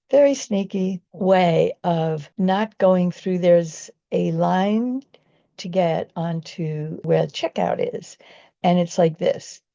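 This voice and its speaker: A woman's voice: fairly low pitch, creaky, warm tone, no echo, lo-fi sound. A woman and vegan activist telling a personal story in an earnest, rambling way, often restarting her sentences.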